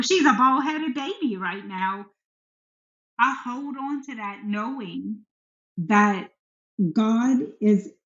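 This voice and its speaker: A middle-aged woman, a podcast guest, telling a personal story earnestly and frankly about her faith. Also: mid-range voice. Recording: echoey room, dull sound.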